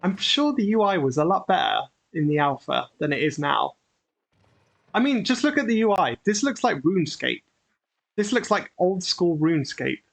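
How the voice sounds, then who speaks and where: A man's voice: a little high, vocal fry. A man hosting a gaming channel, giving chatty, grumbling, self-mocking commentary as he plays. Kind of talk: gameplay commentary.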